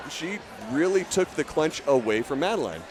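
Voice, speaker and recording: A man's voice: fairly high pitch, expressive, normal speed. A man doing live fight commentary, chatty and upbeat, often stumbling and restarting his sentences.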